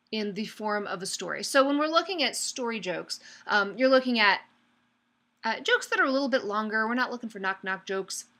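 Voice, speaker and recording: Upbeat young woman instructor, bright and slightly high, chatty. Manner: upbeat, chatty, addresses students by name. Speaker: online course instructor. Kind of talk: live online class lecture.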